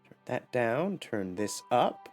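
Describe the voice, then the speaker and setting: A man's voice: medium pitch, big pitch swings, takes it slowly, soft background music. A man streaming a game live, chatting playfully to himself and his viewers with a slight cough. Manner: chatty, playful self-talk. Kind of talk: casual live gameplay chat.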